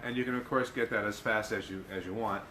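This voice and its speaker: A man with a low voice explains darbuka rolls in a live lesson. He talks in a relaxed, unhurried way, pausing on fillers and counting out drum syllables. The room is echoey, and loud drumming fills the recording. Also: over loud music. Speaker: darbuka teacher.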